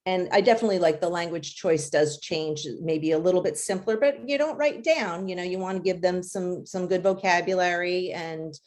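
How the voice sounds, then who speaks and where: A woman's voice: on the low side, moderate pace, hardly any pauses, a little mellow. A woman who writes children's books, answering interview questions in a chatty way, with many fillers and light laughs. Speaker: children's author.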